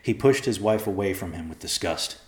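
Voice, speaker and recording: A man narrating a dramatic story in a measured, grave manner. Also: low voice, animated, a little mellow. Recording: echoey room.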